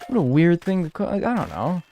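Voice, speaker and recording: Lively rambling man commenting on gameplay. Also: high-pitched, a little fast, faint music behind. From North America. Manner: rambling, joking, with sudden loud yelps. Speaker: streamer playing a life-sim game. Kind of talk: casual live gameplay commentary.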